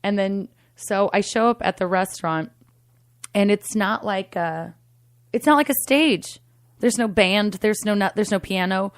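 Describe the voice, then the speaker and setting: A young woman comedian tells a story in a loose, animated way, swearing freely and slipping into voices for the people in it. Her voice sits in a middle register and sounds dry and close to the mic. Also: medium pitch, a little slow, no echo. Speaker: comedian and singing waiter. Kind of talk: casual storytelling interview.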